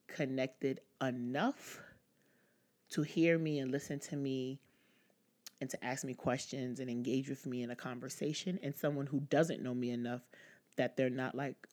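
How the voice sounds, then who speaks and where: A woman's voice: very deep voice, a little mellow. A young woman hosting a personal podcast, talking candidly and casually with fillers and the odd laugh. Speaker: podcast host.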